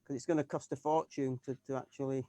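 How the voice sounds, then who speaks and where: A man, a keyboardist, chatting casually in a halting way with many restarts. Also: medium pitch, flat delivery, dark tone, no echo. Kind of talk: casual chat.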